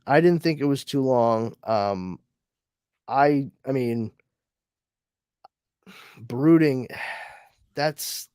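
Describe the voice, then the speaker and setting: A man's voice: mid-range voice, a little mellow, clear, resonant tone, no room sound, clean studio sound. A man hosting a casual podcast chat, reading out listener comments and rambling with many restarts. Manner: rambling, frequent restarts and fillers. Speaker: podcast host.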